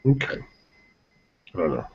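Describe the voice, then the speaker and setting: A man co-hosting a casual podcast in a low-key, mumbling way, who also reads out the news. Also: unhurried, darkish tone. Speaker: podcast co-host reading news. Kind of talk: casual chat and news reading. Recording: dull lo-fi podcast audio.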